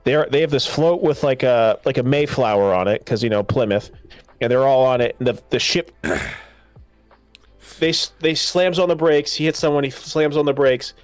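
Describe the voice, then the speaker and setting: A man co-hosting a casual podcast, retelling a movie in an animated, rambling way. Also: medium pitch, normal speed, no echo, faint music behind. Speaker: podcast co-host. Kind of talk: casual movie review chat.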